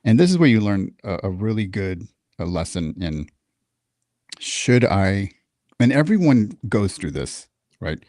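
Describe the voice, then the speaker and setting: A middle-aged Texan military veteran, a guest on a podcast, speaks in a lowish, slightly slow voice on a dry recording. He tells stories candidly and animatedly in a casual interview, swearing and frequently restarting.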